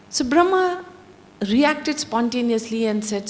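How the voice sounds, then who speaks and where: A woman telling a scripture story in a slow, deliberate, expressive manner. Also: fairly high pitch. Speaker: spiritual storyteller. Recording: long hall reverb.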